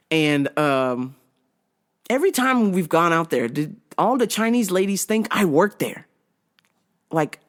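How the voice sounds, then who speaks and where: A woman hosting a podcast, telling a story in a profane, animated way and laughing often. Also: lowish voice. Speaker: podcast host. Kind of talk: casual comedic storytelling.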